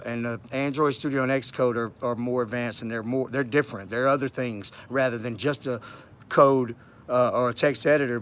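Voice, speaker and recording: A man's voice: mid-range voice, fairly bright tone. A man talking in a rambling, repetitive monologue that grows urgent and insistent. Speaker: vlogger. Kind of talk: casual monologue to camera.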